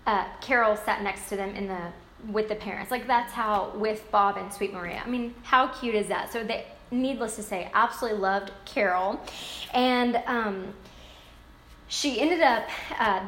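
Here a woman's mid-range, slightly bright voice runs through a book's story in a relaxed recap. She's gushing and excited throughout, and the recording carries a roomy echo with faint ambient noise.

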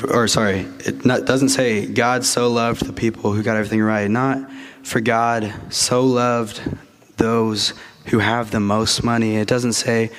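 A male pastor delivers a sermon in an earnest, mid-pitched voice. He often restarts his sentences with a repeated "and." He slows right down to stress the phrases that matter most.

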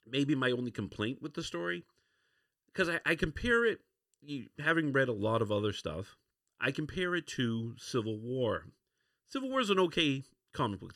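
A man in a casual podcast chat, rambling and restarting his sentences often. His voice sits at an ordinary middle pitch and is recorded close and dry, with no room sound. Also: fairly bright tone, no echo. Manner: rambling, many restarts and fillers. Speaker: podcast host. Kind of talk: casual comic book review.

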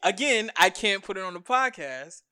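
A man's voice: high-pitched, animated, normal speed, bright, forceful tone. A man co-hosting a podcast in loose, casual chat, laughing easily and swearing freely. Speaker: podcast co-host.

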